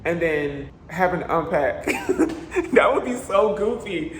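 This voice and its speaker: Man, casual vlog rant, slightly high voice, roomy apartment echo, faint background hum. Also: slow pace. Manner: chatty, animated, with playful asides. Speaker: vlogger. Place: echoey apartment. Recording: echoey room with faint ambience.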